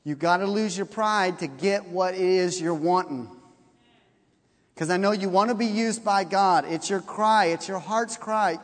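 A man preaching a sermon, telling a story with lively energy and acting out the characters' lines. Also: sits high, measured pace. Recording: long hall reverb.

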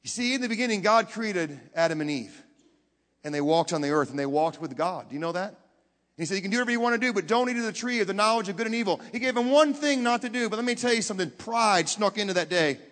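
A man preaching a sermon, telling a story with dramatic swings from hushed to loud and putting questions straight to the audience. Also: high-pitched, lively intonation, fast. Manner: talks directly to the audience with questions. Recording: long hall reverb.

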